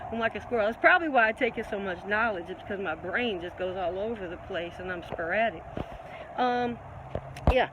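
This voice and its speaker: An excitable woman answers viewers' questions in a loose, chatty live stream, her voice a little congested. She gets preachy and keeps calling people baby. Steady traffic noise from outside carries under her voice. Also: mid-range voice, brisk, dull audio. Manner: animated and preachy, calls listeners baby. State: slightly congested.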